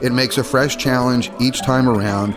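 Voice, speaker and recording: A man recounts his past in a documentary interview, thoughtful and confessional. His pitch is middling. Music runs clearly underneath. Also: fairly even intonation, normal speed. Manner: reflective, confessional. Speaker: former game designer.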